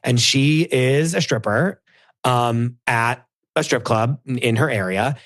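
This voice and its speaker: A man's voice: mid-range voice, takes it slowly, fairly bright tone. A man guest on a podcast, gushing in casual chat with lots of "like" and dramatic retelling.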